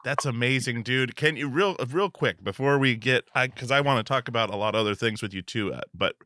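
An American man hosting a podcast, his voice bright and forceful at a middle pitch. He asks eager, tumbling questions and restarts mid-thought. The sound is dry and close. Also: fairly quick, no room sound. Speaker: podcast host. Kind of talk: casual podcast interview.

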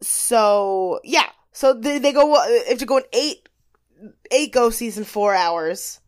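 A woman co-hosting a casual podcast, talking in an animated, chatty way. Her pitch swings widely as she talks. She fills her sentences with lots of fillers. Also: unhurried. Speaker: podcast co-host. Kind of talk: casual recap chat.

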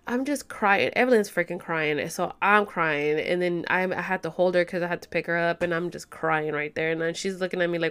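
A woman's voice: lowish voice, a little fast, few pauses, a bit bright, smooth. Venting young woman ranting to her viewers. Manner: venting, ranting, swears freely; fillers like "like" and "you know". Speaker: vlogger. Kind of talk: casual storytime vlog. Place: home bedroom.

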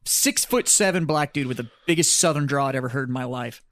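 A man hosting a casual podcast chat, telling army stories and swearing freely while mimicking his drill sergeants in a gruff voice. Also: mid-range voice, a little fast, fairly bright tone, no echo. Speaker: podcast host.

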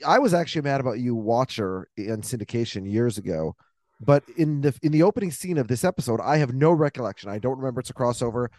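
A man's voice: medium pitch, expressive, fast talker, a little mellow, dry recording. A man hosting a casual podcast chat, thinking aloud and rambling between points. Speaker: podcast host.

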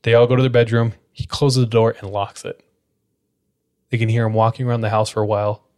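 A man's voice: medium pitch, little pitch movement, brisk, a little mellow. A man hosting a podcast, casually retelling a spooky story, leaning on "like" as he talks. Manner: casual, filler-heavy retelling with frequent "like". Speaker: podcast host.

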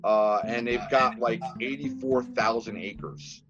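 A man from Massachusetts with a Boston accent, a filmmaker telling rambling, animated stories with many restarts in a casual interview. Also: mid-range voice, slow, dull audio, music in the background. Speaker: filmmaker guest.

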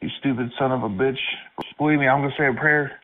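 A man's voice: medium pitch, fairly even intonation, fast talker. A man making an angry prank phone call, swearing and issuing threats in a ranting manner. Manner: profane, threatening rant. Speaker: prank caller. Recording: tinny phone line.

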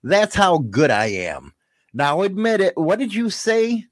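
On a casual talk show, a male podcast co-host jokes loosely and swears freely. He has a high, very animated voice and an unhurried delivery, recorded dry on a studio mic with headphones.

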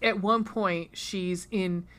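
A woman's voice: medium pitch, steady tone, slow, a bit bright. A woman co-hosting a casual podcast chat, rambling and swearing freely as she laughs through her notes. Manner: rambling, profane, laughs often. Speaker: podcast co-host. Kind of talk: casual chat comparing book and movie.

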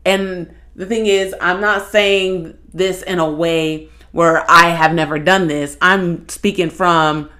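A young woman hosting a podcast, talking in a blunt, profane, animated monologue. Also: on the low side, takes it slowly, hardly any pauses. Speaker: podcast host. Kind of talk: casual monologue.

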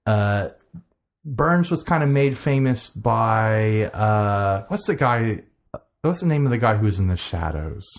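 A man's voice: lowish voice, expressive, measured pace, gravelly. A man co-hosting a casual podcast, chatting in a rambling, enthusiastic way and laughing easily. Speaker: podcast co-host. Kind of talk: casual chat.

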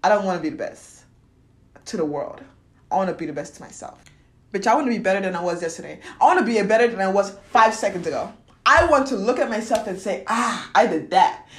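A young woman vlogging a blunt, profane motivational monologue, swinging between loud ranting and quiet confession. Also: mid-range voice, expressive, fast talker.

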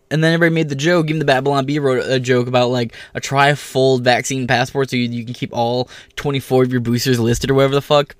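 A man's voice: mid-range voice, steady tone, quick pace, dry recording, studio quality. A man from the United States ranting in a vlog monologue, swearing constantly and mocking other people by mimicking them. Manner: profane, heated, swears constantly. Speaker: vlogger.

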